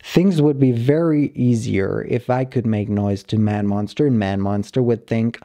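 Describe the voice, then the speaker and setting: Guy reading a story out loud, calm and measured, soft mellow tone. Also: fairly low pitch. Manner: calm, measured reading of a dog's broken-English narration. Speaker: story reader. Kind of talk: reading a short story aloud for relaxation.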